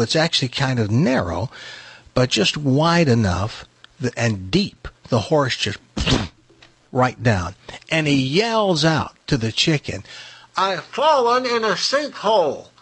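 A man's voice: medium pitch, slow, slightly rough, no room sound. A man hosting a radio talk show, telling jokes and stories. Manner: animated storyteller with lively voices. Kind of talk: joke-telling radio banter.

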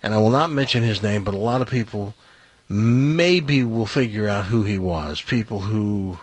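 A man telling a long personal anecdote on a talk show, in an animated storytelling way. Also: on the low side, moderate pace, breathy edge, no room sound.

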